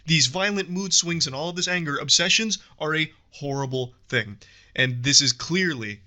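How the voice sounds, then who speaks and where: A man's voice: on the high side, normal speed, bright, forceful tone. A man narrating a commentary video in a dramatic, wry, hyperbolic manner. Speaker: commentary YouTuber.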